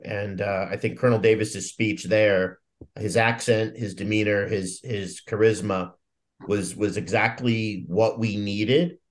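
Reflective Marine veteran man. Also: lowish voice. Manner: reflective, many fillers and restarts. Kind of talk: casual podcast conversation.

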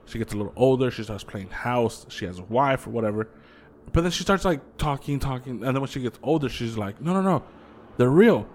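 A man's voice: mid-range voice, fairly quick, a little hiss or hum. Profane man telling creepy stories. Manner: profane, animated storyteller who acts out quotes. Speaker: podcast co-host. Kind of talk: casual chat, storytelling.

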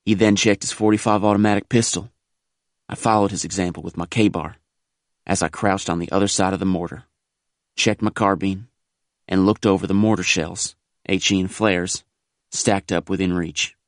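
A man reading a first-person war memoir aloud in a measured, grave audiobook narration. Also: low voice, steady tone, no room sound, clean studio sound.

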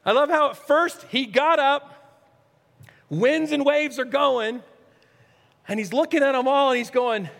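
A male pastor preaching a sermon with earnestness, swinging from near-shouts to hushed, low asides. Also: a little slow, vocal fry, long pauses. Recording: long reverb, echoey hall.

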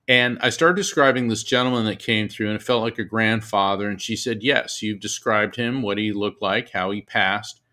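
A man with a bright, forceful voice speaks as a guest in an interview. He tells his stories in an animated way, stumbling over and repeating words as he goes. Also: lowish voice, moderate pace, hardly any pauses. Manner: animated storyteller, repeats words, laughs often. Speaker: medium, guest. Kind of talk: storytelling in an interview.

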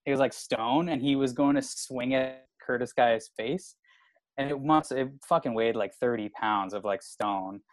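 A man's voice: medium pitch, unhurried, dry recording. Rambling, profane man. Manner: rambling, profane, full of "like" fillers. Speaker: stand-up comedian. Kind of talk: casual podcast storytelling.

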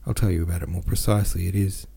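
A restless, self-pitying middle-aged merchant pleads and rambles on, voiced by a man reading a novel aloud. The voice is low and gravelly with a husky edge. It sounds very dark and mellow. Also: fairly even intonation, racing, full character voice. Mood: plaintive. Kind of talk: audiobook character voice.

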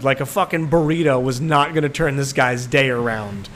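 A mid-range, slightly bright male voice at normal speed belongs to a podcast co-host. His chat is crude and casual, packed with profanity, laughter and storytelling.

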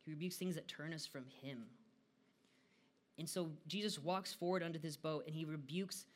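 With a voice on the high side, fairly even intonation and a normal speed, a young American man gives a laid-back devotional talk. He chats casually, laughs a lot and uses "like" and other fillers often.

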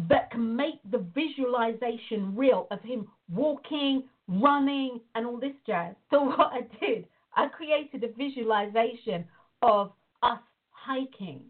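A woman with a rather high, husky voice teaches in a loose, chatty way. She tells her stories with animation and acts out every quoted line. The sound comes through thin and tinny, like a phone line. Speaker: prayer and visualization teacher. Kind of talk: casual spoken teaching on a call.

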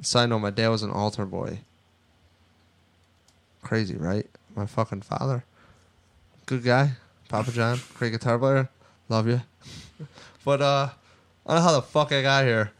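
Male podcast co-host, rambling and profane, smooth clear tone. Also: medium pitch, a little slow, long pauses. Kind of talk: casual sports podcast chat.

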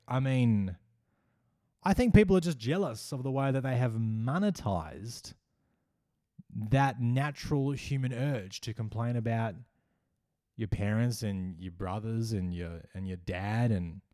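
An Australian man hosting a satirical comedy monologue, with a dry, sardonic delivery and pauses. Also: on the low side, warm tone, no echo. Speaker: comedian host.

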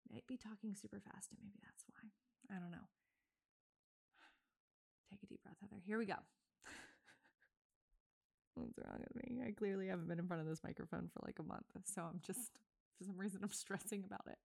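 A woman's voice: mid-range voice, moderate pace, vocal fry, long pauses, a little mellow. Chatty, breathless woman podcast host. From Virginia, USA. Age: 30s. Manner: chatty and rambling, many fillers and self-corrections. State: a bit out of breath. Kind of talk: casual solo podcast intro.

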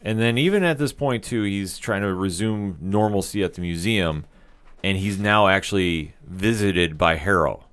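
A man with a fairly low voice walks through a TV episode scene by scene. He talks in a casual, measured, explanatory way. He sounds like a regular podcast co-host. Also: fairly bright tone, clean tone. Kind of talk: casual TV recap discussion.

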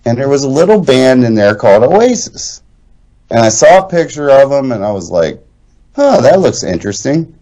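A man's voice: medium pitch, big pitch swings, moderate pace, mellow, muffled recording. A middle-aged man co-hosting a podcast, telling a story in casual chat, profane and acting out the voices he quotes. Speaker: podcast co-host.

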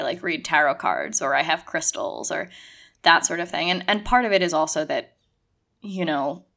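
A young adult woman chatting casually as a podcast co-host, acting out quoted lines with lively shifts in voice. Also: fairly low pitch. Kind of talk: casual conversation.

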